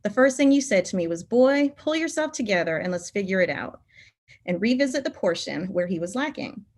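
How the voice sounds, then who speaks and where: A middle-aged woman speaks as a conference keynote speaker, drawing the listener into heartfelt stories about her former students. Her voice sits at an ordinary middle pitch for a woman. She tells them in an animated, emotional way, and her voice climbs when a memory moves her. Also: fairly quick. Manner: animated, emotional storytelling, voice rising when moved.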